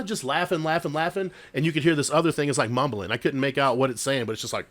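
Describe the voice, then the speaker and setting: With few pauses and a fast pace, a male podcast co-host rattles off a ghost story, relaxed, profane, and full of "dude." His medium-pitched voice sounds a bit bright.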